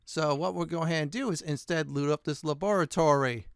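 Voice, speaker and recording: A man's voice: on the high side, brisk, smooth, no echo, clean studio sound. A man hosting his gaming channel, chatting casually and thinking aloud as he loots in a let's-play.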